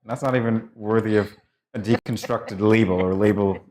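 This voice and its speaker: Very low-voiced teasing woman host. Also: fairly even intonation, moderate pace, crowd noise. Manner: teasing, laughing. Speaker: morning show host. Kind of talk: casual chat.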